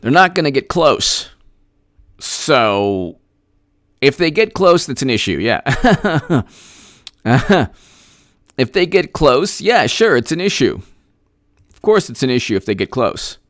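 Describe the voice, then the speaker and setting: A man offers solo political commentary, arguing through rhetorical questions, frequent restarts and fillers, and scoffing, mocking laughs. His medium-pitched, slightly bright voice swings widely in pitch, moves slowly with long pauses, and is recorded in studio quality with no echo.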